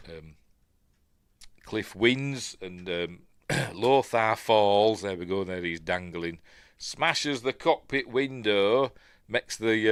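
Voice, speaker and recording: A man's voice: on the low side, a bit bright, no echo. A middle-aged man with a Yorkshire accent chatting casually through a film review, rambling with lots of fillers and chuckles. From Yorkshire, England.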